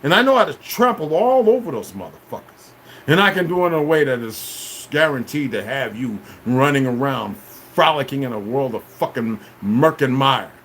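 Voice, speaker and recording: A man ranting on a livestream at his chat, confrontational and full of cursing, swinging between shouting and low muttering. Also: animated, normal speed, a little hiss or hum. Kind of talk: profane livestream rant.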